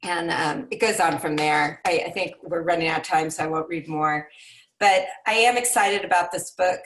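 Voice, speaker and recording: A woman book editor reading a book passage aloud in a measured way and talking about it on a video call. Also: lowish voice, a bit bright, distant mic. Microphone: computer mic on a video call.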